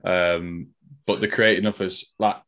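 A man's voice: deep voice, fairly even intonation, moderate pace, fairly bright tone. A man, co-hosting a podcast and telling stories chattily, quoting himself along the way. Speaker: podcast co-host. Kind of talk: casual podcast chat.

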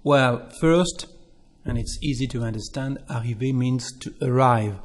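Man, French accent, language teacher, husky voice, patient and repetitive. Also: medium pitch. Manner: patient explaining, repeats example phrases slowly. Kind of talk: language lesson.

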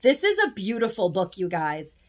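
Chatting casually in her haul video, a woman gushes with emotion and occasionally nears tears. She speaks at a normal speed in a very animated, mid-range voice.

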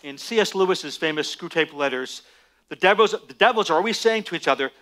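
A man, a Messianic rabbi, preaching a sermon emphatically and slowing down for stress on key lines. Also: fairly high pitch, a little hiss or hum. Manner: emphatic, animated preaching with dramatic slowdowns.

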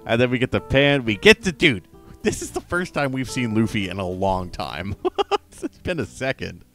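A man co-hosting a casual podcast, recapping a comic chapter in a quick, stumbling chat. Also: mid-range voice, very animated, a bit bright, faint music behind. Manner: rapid recapping with stumbling restarts.

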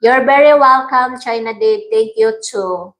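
A woman's voice: on the high side, a little slow, fairly bright tone, rough recording. A woman hosting a live stream, chatting casually, reading out viewer comments, thanking viewers by name and laughing often, with a strained throat.

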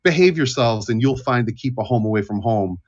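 A man voicing a stern, gruff male gatekeeper who lays down the rules. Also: medium pitch, expressive, fairly quick, muffled recording, close to an everyday voice. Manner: stern, warning, formal.

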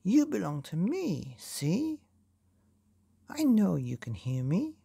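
A man's voice: sits high, wildly swooping pitch, a little slow, gravelly, mellow, breathy edge, voice pushed up, full character voice. A man reading a storybook aloud, voicing a proud, greedy man who demands that everything belong to him. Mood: domineering. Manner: boastful, demanding.

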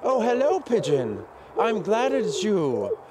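Man playing a small ghost girl, high and pleading, slow. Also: wildly swooping pitch, over a noisy crowd, heavily acted. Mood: hopeful. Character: scared little girl ghost searching.

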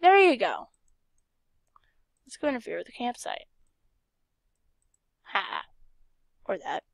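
A young woman casually commenting on a game she plays, excitable and chatty, with sudden whispered asides, close to a desk mic. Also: fairly high pitch, takes it slowly, gravelly, no echo. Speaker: gaming channel host.

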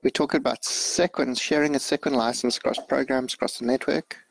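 A man's voice: mid-range voice, steady tone, a little fast, vocal fry, slight background noise, poor audio. A man recapping a recent session in casual, matter-of-fact chat.

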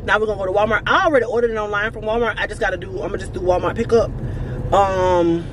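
A woman in her forties, a vlogger chatting excitedly and rambling to her phone camera from her car. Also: mid-range voice, quick pace, noisy background. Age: 40s. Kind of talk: casual vlog talking to camera.

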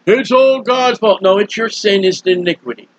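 A man preaching a sermon in a folksy, scolding way. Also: moderate pace. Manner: folksy, scolding, acts out quoted voices. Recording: dull, dry, low-fidelity recording.

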